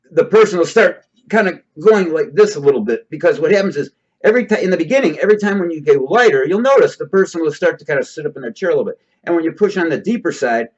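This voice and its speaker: A man's voice: fairly high pitch, darkish tone. A man casually explaining a topic to his audience, rambling a bit and checking in with listeners as he goes. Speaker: host explaining hypnosis. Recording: dull lo-fi recording.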